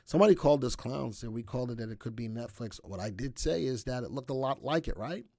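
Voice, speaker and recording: Guy doing a live stock analysis stream, talks fast and chatty, keeps going "all right?", dry close sound, middle pitch. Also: gravelly, no room sound. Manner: chatty and energetic, often checking in with "all right?". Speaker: stock market show host.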